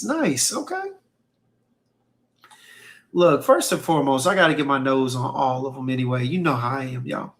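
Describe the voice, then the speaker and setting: Chill slangy guy on a stream reading comments, voice a bit on the high side. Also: fairly bright tone. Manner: laid-back, slangy, repeats phrases, reads viewer comments aloud. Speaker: fragrance livestream host. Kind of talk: casual livestream chat reading comments. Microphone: streaming mic.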